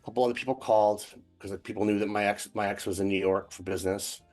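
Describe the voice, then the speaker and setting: Low-voiced man telling a personal story. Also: steady tone, a little mellow, soft background music. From United States. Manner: reflective, halting with restarts. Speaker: guest. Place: at home in Chicago, on a call.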